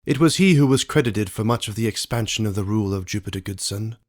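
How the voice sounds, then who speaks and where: A man voicing a tender, solemn father rabbit in a storybook, telling an old tale in an earnest, halting way. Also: on the low side, lightly acted. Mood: solemn, grieving. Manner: earnest, halting, voice breaking with emotion.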